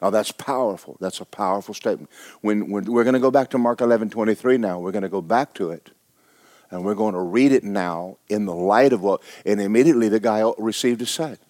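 A man, preaching a folksy, joking sermon that often jumps high in pitch for emphasis. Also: fairly quick, a little mellow. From Florida. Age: 70s. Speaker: pastor.

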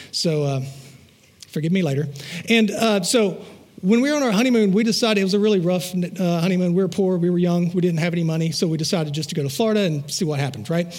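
A male pastor preaches, chatting through personal stories with asides to the congregation and rhetorical phrases he repeats. His voice is high-pitched with a darkish tone.

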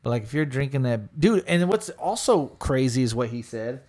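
A man's voice: mid-range voice, animated, moderate pace, a little mellow. A young man co-hosting a podcast, talking casually and profanely, rambling and acting out quotes. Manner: rambling, profane, acts out quotes in raised voices. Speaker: podcast co-host. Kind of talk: casual chat.

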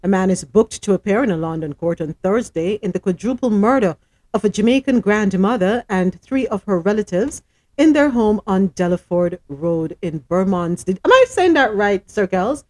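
A woman's voice: medium pitch, expressive, normal speed, a little mellow. A woman hosting a live radio show, chatting with laughter and reading news items aloud.

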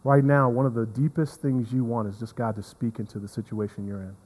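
A man preaching a sermon as pastor, earnest, repeating words and swinging from emphatic to hushed. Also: mid-range voice, little pitch movement, fairly quick. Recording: long reverb of a hall.

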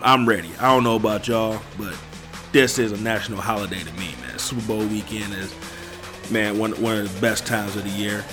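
A man's voice: medium pitch, a bit bright. Hyped-up man hosting a sports podcast. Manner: hype, slangy, repeats "man" and "y'all". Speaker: podcast host. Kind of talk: hyped-up solo podcast intro.

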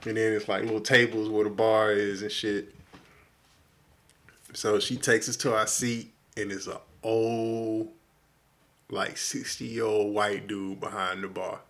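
A man's voice: lowish voice, measured pace. A man co-hosting a podcast, telling a story in a loose, profane way and acting out the people in it. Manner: animated, profane storytelling with quoted voices. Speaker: podcast co-host. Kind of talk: casual storytelling chat.

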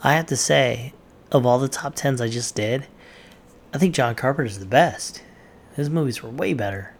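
A man's voice: mid-range voice, moderate pace, vocal fry, slight background noise. A man giving blunt, offhand opinions in casual commentary, with plenty of fillers. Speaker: vlogger reacting to movie lists.

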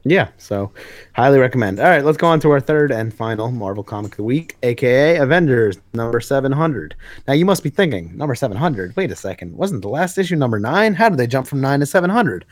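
A man's voice: mid-range voice, big pitch swings, fast, no echo. A young man co-hosting a comics podcast in casual, rambling chat, full of fillers. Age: young adult. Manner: rambling, many fillers, acts out quotes. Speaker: podcast co-host.

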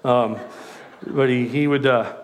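Conversational, animated male preacher. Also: medium pitch, takes it slowly. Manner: conversational, animated, with self-deprecating asides. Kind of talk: sermon.

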